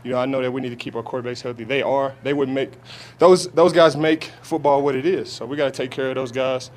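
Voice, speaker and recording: Halting man answering press questions. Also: medium pitch, steady tone, darkish tone. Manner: halting, many restarts and fillers. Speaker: football player. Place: outdoor training camp media scrum.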